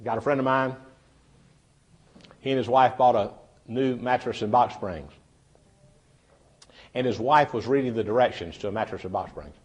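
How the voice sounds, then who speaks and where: Brief: man, seminar speaker, folksy storyteller who chats with the audience, mid-pitched voice. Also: moderate pace, long pauses, dull audio. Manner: folksy storyteller, chatty, addresses the audience directly. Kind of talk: humorous seminar talk to a live audience. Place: meeting room with a live audience.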